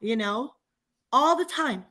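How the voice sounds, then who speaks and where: Woman venting on a livestream, kinda high bright voice, laughs a lot, fired up. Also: slow. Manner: animated, venting, laughs often. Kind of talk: casual chat.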